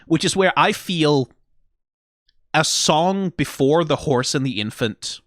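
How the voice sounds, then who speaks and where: A man's voice: on the high side, expressive, slow, no room sound, studio quality. A man hosting a reaction video, talking casually and animatedly, acting out characters' lines mockingly and swearing freely. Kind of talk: casual commentary.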